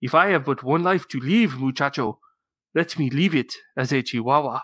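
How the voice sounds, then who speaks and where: A man's voice: mid-range voice, normal speed, a bit bright, dry recording, natural voice. A man putting on a swaggering storybook cat with a fake Spanish accent. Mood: excited. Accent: put-on Spanish. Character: boastful male Siamese cat posing as a chihuahua. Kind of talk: storybook reading.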